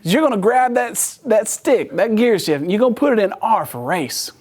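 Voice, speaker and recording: A man's voice: high-pitched, animated, a little fast, darkish tone. A man giving a sermon-style talk as a church speaker, acting out the people in his story and laughing often as he tells it.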